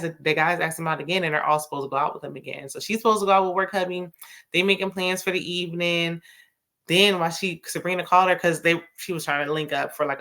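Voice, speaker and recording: A woman's voice: on the low side, fairly bright tone. A woman recapping a TV drama in a chatty, sassy way, full of slang and asides. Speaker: TV recap host. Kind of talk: casual TV recap chat.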